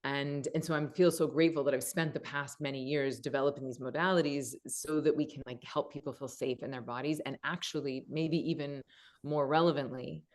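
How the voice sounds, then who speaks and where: Low-voiced, enthusiastic woman host. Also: fairly even intonation, brisk. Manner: enthusiastic, warm, flowing with frequent "like" fillers. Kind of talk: casual chat.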